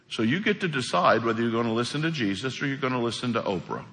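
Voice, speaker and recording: A man preaching a sermon as pastor, animated, acting out quotes as he preaches. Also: medium pitch, quick pace, few pauses. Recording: echoey hall.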